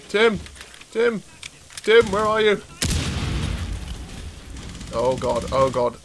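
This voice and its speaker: A man giving chatty, excitable commentary over his own gameplay, often laughing and swearing. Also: high-pitched, extremely slow, long pauses, background noise. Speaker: gaming video host.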